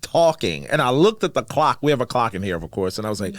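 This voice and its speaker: In a small studio, a man in his forties keeps his casual podcast lively, rambling and laughing often into a studio mic. His mid-range voice moves at a quick pace, and there's no echo.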